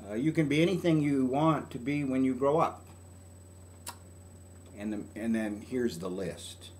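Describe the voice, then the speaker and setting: Older male counselor, folksy advice talk, mid-pitched, slight room hiss. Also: a little slow, darkish tone. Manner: folksy, conversational, acts out quoted lines. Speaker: family counselor.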